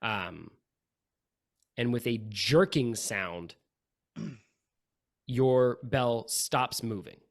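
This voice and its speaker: A man narrating as game master of a tabletop game, pausing often with ums as he describes scenes. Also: medium pitch, lively intonation. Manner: halting narration with frequent ums.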